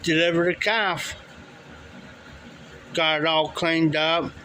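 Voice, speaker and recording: A man's voice: on the high side, fairly even intonation, slow, sharp tone, a little hiss or hum, rough recording. A man casually telling a long story, rambling and repeating "he says" and "I said" as he quotes people. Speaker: livestream storyteller. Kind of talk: casual spoken anecdote.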